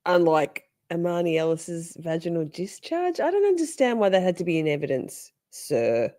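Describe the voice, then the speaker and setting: A woman chatting casually as she reacts to a trial, giggly and playful, swinging from soft whispers to high squeals. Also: sing-song, moderate pace, dry recording, clean studio sound.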